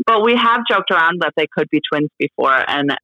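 A woman speaking as an interview guest, candid and halting, full of fillers and restarts, laughing now and then. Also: low voice, lively intonation, dry recording, dull audio. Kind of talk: casual interview chat.

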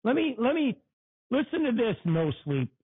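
A man with an extremely high, sing-song voice, vocal fry, and a breathy edge rants at a normal speed on his own talk show in Connecticut. His angry political tirade is furious and profane, repeating phrases for emphasis, and the audio sounds tinny, like a phone.

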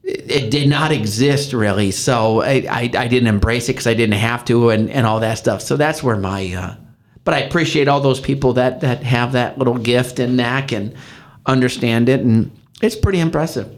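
A man's voice: mid-range voice, moderate pace. An older man with a Midwestern American accent, co-hosting a casual chat and telling stories in a rambling way, full of restarts. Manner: rambling, many restarts, animated retelling. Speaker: podcast co-host, county council member.

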